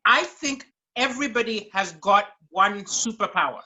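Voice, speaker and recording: A man's voice: high voice, animated, moderate pace, pushed and bright. A man from Malawi chatting as a comedy guest, telling emphatic stories. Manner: storytelling, emphatic. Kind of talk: comedic chat.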